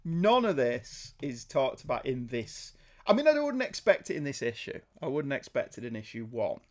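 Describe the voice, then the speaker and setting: Brief: man, mid-pitched, wry and animated podcast co-host in casual chat. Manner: wry, animated, quick asides and jokes. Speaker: comic book podcast co-host.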